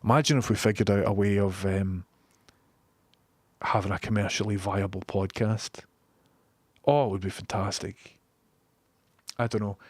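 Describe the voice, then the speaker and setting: A man's voice: lowish voice, fairly even intonation, moderate pace, pauses often, darkish tone, husky, dry recording. A young Scottish man chatting casually on a live stream from his home studio, joking and reading out viewer messages. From Scotland.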